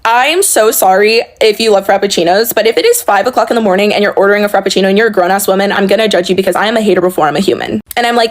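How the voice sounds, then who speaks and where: A woman telling a story about work to the camera in a casual, animated and sarcastic way, swearing freely. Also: mid-range voice, very fast. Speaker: service worker.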